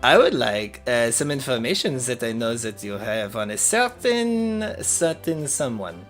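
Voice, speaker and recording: A grandiose swashbuckler, played by a man, booms with bright, theatrical flair. His pitch leaps around as he toys with his foe. Faint music runs behind. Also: big pitch swings, moderate pace, exaggerated voice. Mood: sly. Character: boisterous swashbuckling male rogue.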